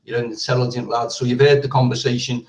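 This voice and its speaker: A man's voice: medium pitch, little pitch movement, fast, darkish tone, far from the mic, poor audio. A man arguing combatively on a call, repeating his points and swearing. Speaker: participant in online group call. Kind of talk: heated argument.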